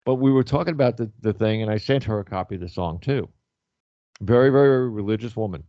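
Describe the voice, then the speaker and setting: A man's voice: fairly low pitch, quick pace, no room sound, highs cut off. A man in his sixties hosting a talk show, chatting casually in a rambling way, repeating words and trailing off. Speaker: host.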